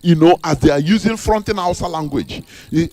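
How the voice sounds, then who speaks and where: A man's voice: on the high side, brisk, darkish tone. A man with a Nigerian accent giving an impassioned monologue, repeating rhetorical questions with emphatic, preachy delivery. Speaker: activist speaker.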